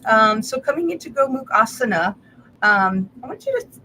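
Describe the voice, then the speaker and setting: A woman leading a yoga and movement class, calmly cueing breath and stretches with the odd soft laugh. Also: a little high, moderate pace, a little hiss or hum, low-quality recording. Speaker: yoga instructor. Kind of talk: guided movement instruction.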